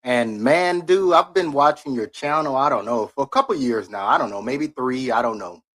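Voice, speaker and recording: A man's voice: mid-range voice, animated, normal speed, fairly bright tone. A man on a live stream giving blunt, critical commentary in rambling asides as he reacts to a video.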